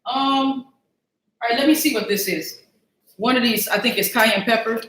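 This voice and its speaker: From her home kitchen, a woman hosts a casual live cooking stream, chatting with viewers in a self-mocking way. Her fairly high voice is a little slow, and the room is echoey with background noise.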